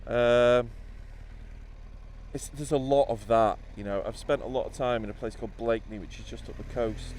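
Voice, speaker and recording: A man's voice: medium pitch, steady tone, moderate pace, a little mellow, slight background noise. Sweary, sardonic man. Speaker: motorcycle vlogger. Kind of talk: casual chat to camera. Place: outdoors, on a motorcycle trip.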